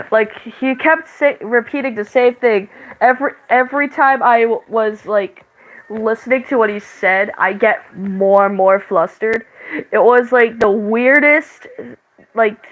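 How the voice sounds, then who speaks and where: A woman's voice: on the high side, phone-quality sound. A woman telling a story about her dream in a casual way. She often stops and restarts, fills gaps with "like", and giggles. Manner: halting, with many fillers and restarts. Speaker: channel host.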